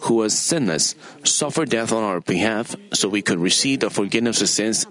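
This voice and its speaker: A man preaching an earnest sermon in a measured way, quoting scripture to his congregation. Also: on the low side, fairly bright tone, low-quality recording.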